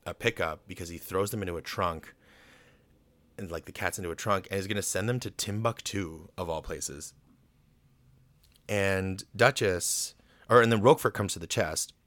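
A man with a very low voice casually retells a film's plot into a desk microphone. He rambles, fills gaps with "like" and swears freely. The sound is dry and close, with no room around it. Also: fairly bright tone, no room sound. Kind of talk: casual film recap.

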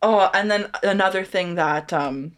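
A young woman co-hosting a podcast in casual chat, animated, laughing often and swearing as she acts out scenes. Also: medium pitch, normal speed. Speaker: podcast co-host.

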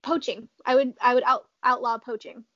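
A woman's voice: on the high side, fairly even intonation, normal speed, fairly bright tone, dull audio. A young woman chatting as a podcast guest, giggling often and searching for words. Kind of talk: casual chat.

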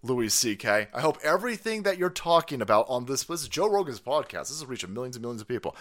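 A man hosting a livestream, ranting in a mocking, combative way that swings from loud outbursts to low muttering, and reading viewer chat aloud. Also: sing-song, quick pace, hardly any pauses. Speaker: livestream host. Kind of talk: ranting political commentary livestream.

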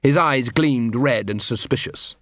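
A man narrating an audiobook in an expressive, wry storytelling manner. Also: mid-range voice, a little slow, no room sound, clean studio sound. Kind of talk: scripted narration.

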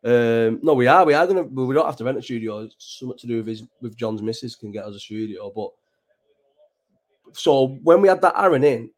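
A young man from England talks straight to his viewers in a late-night stream. His chat is loose and sweary, and he rambles with lots of restarts. His voice sits at a middling pitch for a man. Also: lively intonation, brisk. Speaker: livestream host. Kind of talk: casual chat.

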